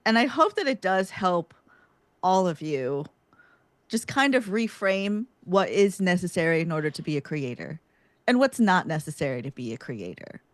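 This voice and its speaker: A woman's voice: fairly low pitch, very animated, normal speed, dry recording. A woman co-hosting a live podcast, speaking in an encouraging, emphatic way and repeating points to drive them home. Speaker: podcast co-host.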